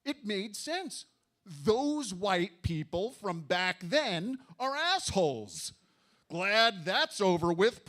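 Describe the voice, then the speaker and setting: A man closing a stand-up set at a live club with sardonic, measured delivery. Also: high-pitched, a bit bright. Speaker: stand-up comedian.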